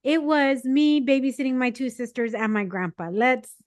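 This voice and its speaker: A woman's voice: high-pitched, expressive, normal speed, no room sound. A woman hosting a podcast, chatty and rambling with self-deprecating humor in casual conversation. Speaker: podcast host.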